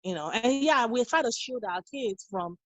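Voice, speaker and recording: A woman's voice: on the high side, expressive, normal speed, no room sound, low-quality recording. A woman in her thirties, a guest on a podcast, talking earnestly and telling stories in a casual interview. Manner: earnest, storytelling, acts out quoted dialogue. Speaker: guest, nurse and mother.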